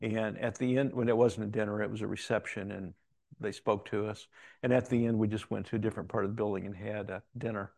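A man's voice: on the low side, steady tone, quick pace, creaky, a little mellow, no room sound. A man telling a personal story in a conversational, rambling way, with restarts and quoted dialogue. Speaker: Christian speaker telling a story.

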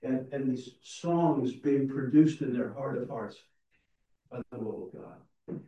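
A man's voice: mid-range voice, slow pace, mellow. Man preaching a sermon in a roomy church. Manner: conversational and self-deprecating, with many restarts. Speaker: pastor. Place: church sanctuary. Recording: roomy, distant, dull sound.

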